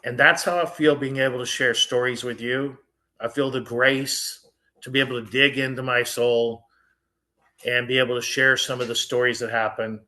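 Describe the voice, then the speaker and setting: Bright-voiced middle-aged man telling stories. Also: mid-range voice. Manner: animated, jokey, shifts between quick asides and slow reflective lines. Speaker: storyteller on a faith show. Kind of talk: casual personal storytelling. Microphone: video call.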